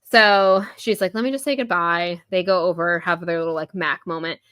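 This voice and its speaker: A woman's voice: lowish voice, steady tone, moderate pace, fairly bright tone, clean tone, no echo. A woman, co-hosting a podcast and retelling a novel's scenes in a chatty, filler-heavy way, laughing often. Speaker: podcast co-host. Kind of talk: casual book-review chat.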